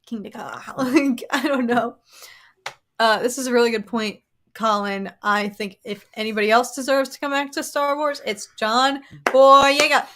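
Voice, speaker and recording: An American woman co-hosting a casual livestream chat, excitable and quick to laugh as she talks to her viewers. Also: on the high side. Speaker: livestream co-host.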